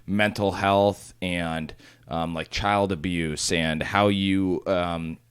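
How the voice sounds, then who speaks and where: A man co-hosting a podcast in casual chat, teasing his friend, swearing freely and jumping into loud, high exclamations. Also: steady tone, slow, smooth, dry recording, studio quality. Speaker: podcast co-host.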